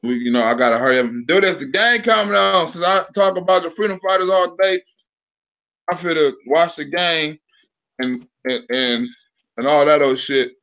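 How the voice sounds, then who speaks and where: A man hosts a casual live stream, swearing freely and hurrying along. His voice is pitched high for a man and sounds forceful and bright. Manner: loose, profane and hurried.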